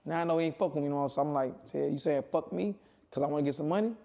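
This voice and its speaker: High, gravelly man telling a story. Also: rapid-fire. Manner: rambling, repetitive, punctuates with "boom" and "right?"; animated retelling with quoted voices. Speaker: storyteller in a played clip. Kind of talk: casual storytelling.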